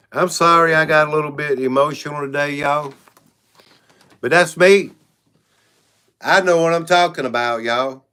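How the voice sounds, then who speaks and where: A man's voice: on the high side, bright, forceful tone, smooth. A man hosting a casual livestream. He rambles frankly and keeps saying "y'all". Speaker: channel host.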